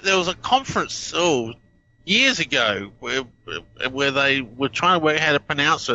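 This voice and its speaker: A man's voice: mid-range voice, bright, forceful tone, muffled recording. A man with an Australian accent hosting a casual chat, thinking aloud and often restarting his sentences. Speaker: host.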